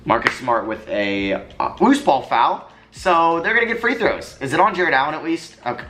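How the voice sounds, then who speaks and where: Excitable young man with a lively voice. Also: medium pitch, brisk, faint music behind. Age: young adult. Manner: excitable, swings from muttering to yelling. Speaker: gaming commentator. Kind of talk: live game commentary.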